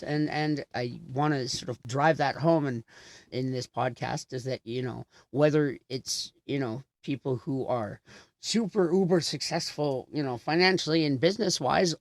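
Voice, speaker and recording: A man's voice: mid-range voice, no room sound. A man hosting a podcast, asking questions and summing up his guest's points in a reflective way. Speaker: podcast host. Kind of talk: casual interview.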